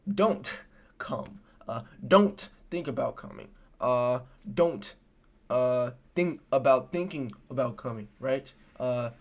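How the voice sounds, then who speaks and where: Slow-talking joking streamer man. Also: mid-range voice. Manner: joking, teasing, sudden loud outbursts. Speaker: streamer reacting to a video. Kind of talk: casual reaction commentary.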